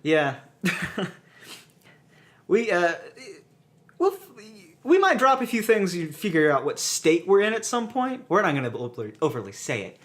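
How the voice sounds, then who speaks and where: A young man from the southern United States chatting on a podcast. His voice sits a little high and swings widely as he laughs his way through self-deprecating stories. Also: very animated, unhurried, fairly bright tone. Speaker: podcast co-host. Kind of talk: casual chat.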